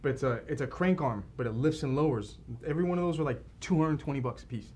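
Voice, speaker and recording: A man chatting on a livestream, teasing his co-host in a relaxed way. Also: on the high side, slight background noise. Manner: quick, teasing. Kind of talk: casual livestream chat.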